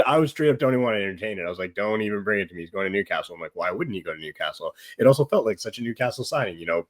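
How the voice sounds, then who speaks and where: A man speaking as a guest on a casual football chat, animated and rambling, often saying "like" and laughing. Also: lowish voice. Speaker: guest pundit.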